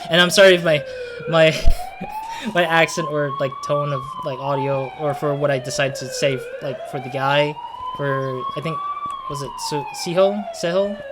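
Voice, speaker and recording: Give me a man casually commentating a game at a desk mic, with a fairly high and lively voice. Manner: rambling, self-conscious asides with fillers. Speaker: gamer commentator. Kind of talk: let's play commentary. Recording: siren noise behind voice.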